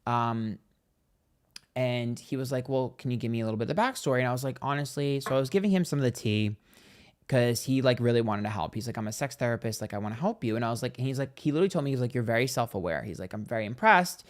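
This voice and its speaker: At medium pitch and a quick pace, a man hosts a psychic tarot live stream. In chatty, gossipy fashion he tells a story, acts out other people's quotes and reads viewer donations aloud to thank them.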